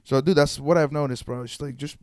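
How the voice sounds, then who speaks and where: Young man, casual bro storytelling, smooth resonant voice, dry sound. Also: mid-range voice, fairly even intonation, brisk, a little mellow, no room sound. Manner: swearing, storytelling, laid-back bro talk. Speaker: podcast co-host. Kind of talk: casual chat.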